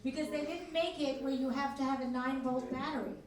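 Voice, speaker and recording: Between acts at a comedy club, a high-pitched woman speaking briskly in a steady tone bantered crudely and brashly with the live crowd, poking fun at herself. The echoey club is picked up on a distant mic, with crowd noise around her.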